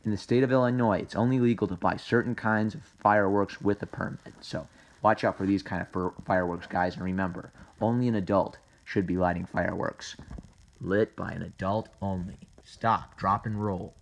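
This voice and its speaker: A man's voice: sits low, fairly even intonation, moderate pace, creaky. Man mock-reading a safety comic. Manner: mock-earnest, reading aloud with silly voices. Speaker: comedy video host. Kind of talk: comedic read-through of a safety comic.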